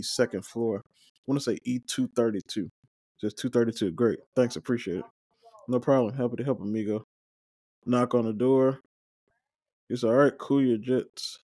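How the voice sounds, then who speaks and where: A man in a watch-along, recapping an episode and reading the characters' lines aloud. His pitch is a middle one for a man, and the recording is dry and close, with no room sound. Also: dark tone, no room sound. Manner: paraphrases scenes, quotes characters with brief joking asides. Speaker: watch-along podcast host.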